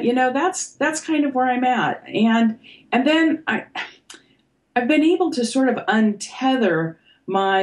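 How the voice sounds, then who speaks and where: An older woman, an author and podcast guest, talking reflectively and pausing with fillers as she thinks. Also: mid-range voice, rough recording. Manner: thoughtful, hesitant, with fillers and soft laughs. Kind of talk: reflective conversation.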